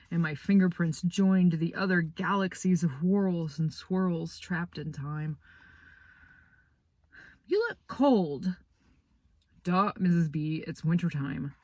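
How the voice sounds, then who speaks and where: A woman reads a children's novel aloud in a low, unhurried voice, letting the lines breathe. Her delivery swings dramatically from hushed asides to bursts of feeling. The sound is dry and close to the mic. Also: no echo. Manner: dramatic, varied storytelling delivery. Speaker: author reading her own book aloud.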